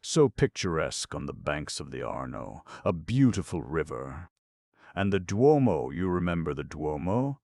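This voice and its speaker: A low-voiced man reading a teasing young woman sleuth. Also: very animated, moderate pace, a little mellow, dry recording, clean studio sound, heavily acted. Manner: coy, teasing. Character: spirited, nosy young woman adventurer.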